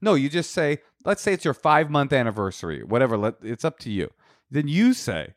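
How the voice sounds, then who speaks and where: A man's voice: mid-range voice, very animated, brisk, dry recording, studio quality. A man co-hosting an advice podcast, talking casually in a playful, joking way with frequent restarts. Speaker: podcast co-host.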